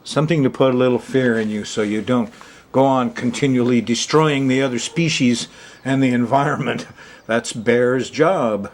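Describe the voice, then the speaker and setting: A male astrology host talks straight to the viewer in a loose, chatty monologue. His voice sits at an ordinary middle pitch. He chuckles often and wanders off into side remarks. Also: normal speed. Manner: chuckling, chatty, rambling asides. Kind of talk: casual monologue to camera. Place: Hawaii.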